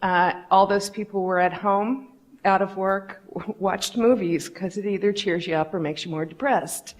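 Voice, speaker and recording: A woman's voice: mid-range voice, fairly even intonation, measured pace. A middle-aged woman giving a candid storytelling talk to an audience, acting out the voices she quotes. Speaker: conference speaker.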